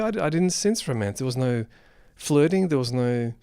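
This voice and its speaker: A man's voice: mid-range voice, expressive, normal speed, mellow, clean tone, no room sound, clean studio sound. A man giving an unrehearsed film review, rambling and exasperated.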